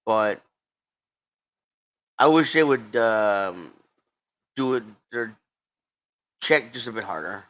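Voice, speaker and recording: A man's voice: on the low side, lively intonation, slow, pauses often, fairly bright tone, rough recording. A man with an American accent co-hosting a podcast, chatting casually with short agreeing replies and frequent "you know" fillers. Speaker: podcast co-host. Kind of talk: casual chat.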